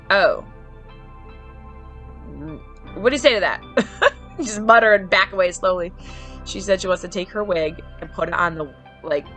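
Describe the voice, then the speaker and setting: A middle-aged woman hosting a podcast, telling personal family stories in an animated way, quoting others and laughing often. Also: low voice. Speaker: podcast host. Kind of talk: personal storytelling.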